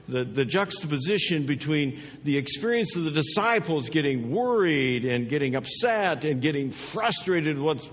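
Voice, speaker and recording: Man preaching in a reverberant sanctuary. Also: a little high. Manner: dynamic preaching, swings from hushed to emphatic. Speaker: pastor. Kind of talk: sermon.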